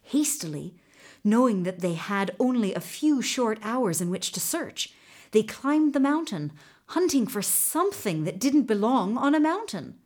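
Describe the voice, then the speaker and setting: A woman storyteller reading a folktale aloud, unhurried and measured. Her fairly high voice rises and falls with lively expression.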